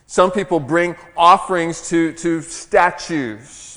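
A middle-aged man preaching a sermon as a pastor, moving between a hushed, slow prayer and lively storytelling. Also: a little high. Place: church. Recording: long reverb of a church hall.

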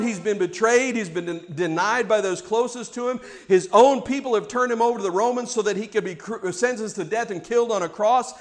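A man's voice: high voice, a little fast. A male pastor delivering a sermon in an emphatic, repetitive preaching cadence.

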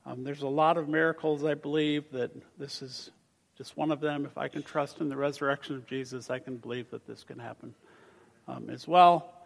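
A man preaching a sermon as a pastor, animated, swinging between loud emphasis and soft asides. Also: a little high, gravelly. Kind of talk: sermon with scripture reading. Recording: long reverb of a large hall.

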